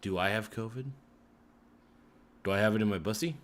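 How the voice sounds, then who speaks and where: A man with a lowish voice chats casually and jokingly at a moderate pace while eating on a livestream. Every so often the streamer breaks into sing-song chants of silly rhymes.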